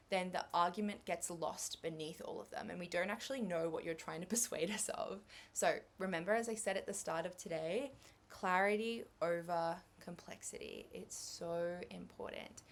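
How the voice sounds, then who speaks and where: A young Australian woman giving a revision lecture on English exam skills, chatty and upbeat, with light laughs. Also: lowish voice.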